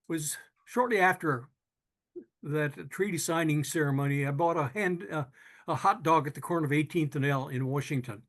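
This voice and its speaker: Earnest older man telling a story. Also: a little high. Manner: earnest, halting with restarts, moved. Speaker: speaker telling his own story. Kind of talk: personal storytelling talk.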